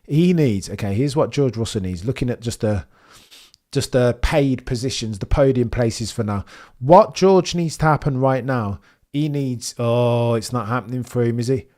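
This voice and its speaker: A young man hosting a live race watchalong stream, chatting excitedly to his viewers. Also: medium pitch, moderate pace. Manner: excitable, chatty, talks straight to chat. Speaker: livestream host watching a race.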